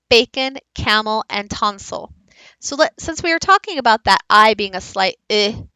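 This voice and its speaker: Bright, clear-voiced woman teaching. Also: medium pitch, no room sound, rough recording. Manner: explains slowly, modelling sounds aloud. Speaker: teacher leading a book study. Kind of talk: recorded teaching presentation.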